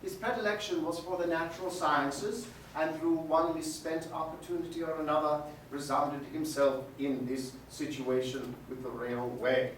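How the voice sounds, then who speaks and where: A man narrating a ghost story live, with measured, old-fashioned storytelling diction. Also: a little high, fairly even intonation. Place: museum event space. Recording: echoey hall, mic far off, faint noise.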